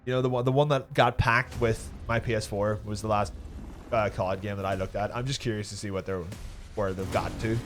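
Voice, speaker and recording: A Northern Irish man co-hosting a live talk show, chatting casually in a sweary, animated way and laughing often. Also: on the low side, fairly quick, faint music behind. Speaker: co-host. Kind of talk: casual chat.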